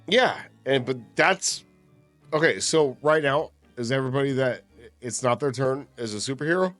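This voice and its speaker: A man's voice: medium pitch, moderate pace, a bit bright, faint music behind. A man co-hosting a casual movie podcast, swearing often and retelling scenes with filler words. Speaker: podcast co-host.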